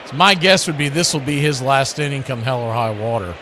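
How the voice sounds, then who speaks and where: A man, calling baseball play-by-play on the radio as host in a folksy, chatty way with asides between pitches. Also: lively intonation, a little fast, noisy background.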